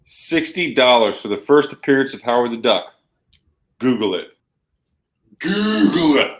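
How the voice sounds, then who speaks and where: A man runs a live shopping show, hawking comic books with hyped, punchy salesman patter. His voice sits at an ordinary middle pitch, and he leans hard on prices and calls to buy. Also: lively intonation, normal speed, a bit bright. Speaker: co-host selling comics.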